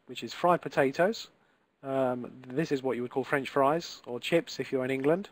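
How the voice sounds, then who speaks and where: A man's voice: mid-range voice, fairly quick, no room sound. A man teaching a live online Italian class, encouraging and patient, pronouncing Italian words carefully for his students.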